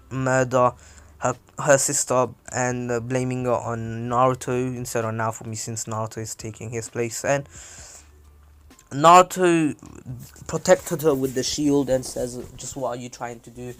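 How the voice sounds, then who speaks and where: A man's voice: medium pitch, fairly even intonation, a little slow, a bit bright, clean tone. A man casually retelling a fan-made story, rambling with many fillers and self-corrections.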